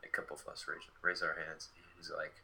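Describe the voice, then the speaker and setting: A young man in his late teens retells a story in a loose, chatty way, leaning on fillers as he goes. His voice sits low but has a very bright, sharp edge. Faint noise hums in the background. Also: level tone, brisk, vocal fry, low-quality recording. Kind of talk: casual storytelling.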